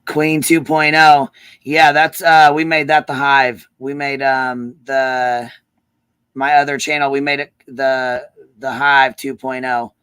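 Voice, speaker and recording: Male streamer, angry profane rant, bright tense voice, dry close sound. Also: mid-range voice, little pitch movement, slow, clear, resonant tone, no room sound. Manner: heated, profane, repeats himself. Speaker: livestream host.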